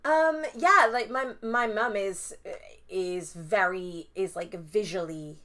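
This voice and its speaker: A woman's voice: mid-range voice, takes it slowly, bright, forceful tone. A young woman from northeast England, chatting casually as a podcast guest, with lots of fillers and restarts. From Newcastle upon Tyne, England. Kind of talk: casual chat.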